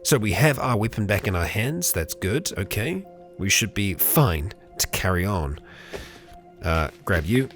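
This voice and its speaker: Lively low-voiced man playing a game. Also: measured pace, faint music behind. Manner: chatty, talks to game characters, bursts into mock fury and laughter. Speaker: let's play host. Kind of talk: casual game commentary.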